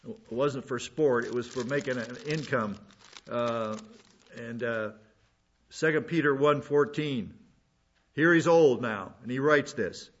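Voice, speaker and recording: A man's voice: medium pitch, a little slow. Folksy preacher man, muffled recording. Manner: conversational, repeats words and restarts, folksy asides. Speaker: pastor. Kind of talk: expository Bible sermon. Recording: dull lo-fi sound.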